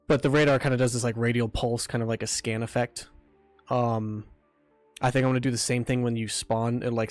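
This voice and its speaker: A man's voice: mid-range voice, dry recording. A man chatting casually on a livestream about building his game, rambling with lots of ums and restarts while eating. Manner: rambling, many fillers and restarts. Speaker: game developer streamer.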